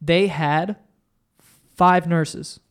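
A man's voice: a little high, steady tone, very slow, smooth. A young man, a podcast guest, chatting casually and getting worked up as he tells stories, with some swearing. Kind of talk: casual chat.

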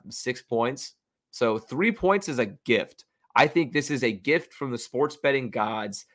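A man's voice: mid-range voice, fairly bright tone. A young man hosting a sports betting podcast, talking through his picks in a chatty, confident, self-mocking way. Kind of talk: casual solo commentary.

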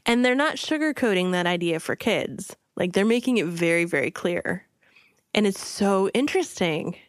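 A woman's voice: on the low side, animated, normal speed, no echo. Chatty woman co-hosting a book podcast. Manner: chatty, retells the story with quoted voices. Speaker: podcast co-host. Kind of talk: casual book chat.

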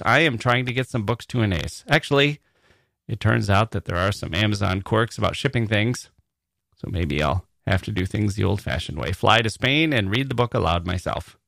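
A man's voice: lowish voice, creaky, a bit bright, dry recording, clean studio sound. A man hosting a podcast, reading listener mail with wry, joking asides. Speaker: podcast host.

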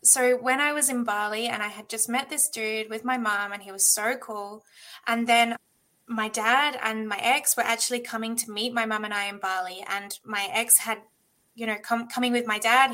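A woman's voice: a little high, fairly even intonation, normal speed, bright, forceful tone. A woman in her thirties, a guest in a conversation, telling a personal story in a reflective, earnest way with many filler words. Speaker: guest, intuitive channel.

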